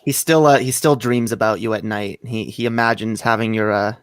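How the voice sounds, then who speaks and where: A man's voice: lowish voice, fairly even intonation, a little fast, smooth, no echo, clean studio sound. A man co-hosting a casual chat, stammering through crude joking banter. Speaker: co-host.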